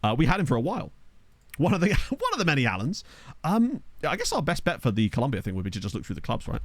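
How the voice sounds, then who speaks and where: A man with a neutral British accent chats quickly to his live-stream viewers while he plays a football management game. His voice bounces up and down with lots of lively pitch movement. It sounds dry and close, as if recorded on a desktop mic at home. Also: dry recording. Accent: neutral British English. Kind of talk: casual live-stream chat. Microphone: desktop USB microphone.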